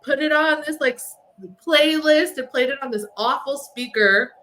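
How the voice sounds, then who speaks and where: A woman talks in a relaxed, chatty way, her voice sitting fairly high. She tells stories with many filler words. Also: normal speed. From Texas. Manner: chatty storyteller, lots of "like" fillers. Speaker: podcast guest. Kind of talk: casual chat.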